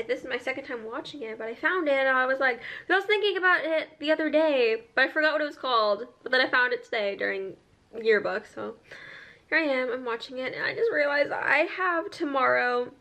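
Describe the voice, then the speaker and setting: A woman's voice: high voice, sharp tone. A teenage girl chatting casually in a daily vlog into a handheld camera, rambling with lots of "like". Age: teens. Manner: rambling, fillers of "like", frequent giggles. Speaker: vlogger. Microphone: handheld camera held up close.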